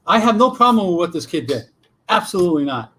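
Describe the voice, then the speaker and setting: A man's voice: high voice, fast, a little hiss or hum. A man co-hosting a casual cigar-lounge talk show, telling stories and jumping between topics. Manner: animated storyteller, tangents. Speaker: podcast co-host. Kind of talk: casual chat.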